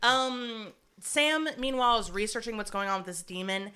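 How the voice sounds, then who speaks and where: A young woman co-hosting a podcast, recapping an episode in an animated, profane, casual way. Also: a little high, normal speed, clear, resonant tone. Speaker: podcast co-host.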